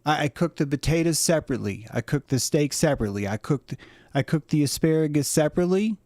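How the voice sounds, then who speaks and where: A man voicing a proud, fussy chef who complains in a quick, aggrieved way. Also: fairly high pitch, lively intonation, darkish tone, no echo, studio quality, voice pushed up. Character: wounded, fussy male chef, proud of his cooking.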